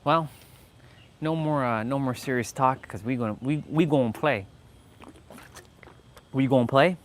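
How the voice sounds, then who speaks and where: A man's voice: mid-range voice, a little slow, a little hiss or hum. A man chatting casually on his live stream, hyped and boastful, repeating his phrases. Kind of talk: casual livestream chat.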